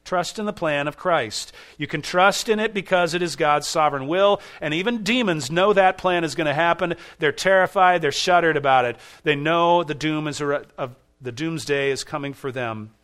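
A male preacher delivers an emphatic sermon in a fairly high, bright, forceful voice. He repeats key phrases and asks rhetorical questions to press each point home. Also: normal speed, few pauses.

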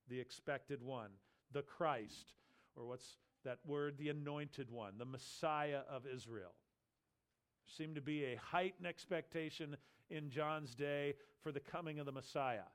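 Man, preacher, expository sermon, animated teaching, fairly high voice. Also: moderate pace.

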